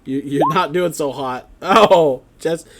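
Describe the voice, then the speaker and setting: A man's voice: on the high side, crowd noise. Man running a tabletop game. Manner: laughing, halting, stammers while narrating. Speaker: dungeon master.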